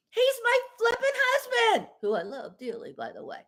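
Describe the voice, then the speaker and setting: A woman's voice: very high-pitched, very animated, moderate pace, hardly any pauses. A woman ranting in a casual vlog from home, blunt and heated, with mild swearing, rambling and repeating herself. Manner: rambling and repetitive. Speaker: vlogger.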